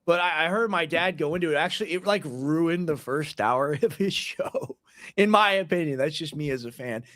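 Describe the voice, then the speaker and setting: Male livestream co-host, somewhat high voice, rambly casual talker, dry close mic. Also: moderate pace, fairly bright tone, dry recording. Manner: rambling, heavy use of "like" fillers.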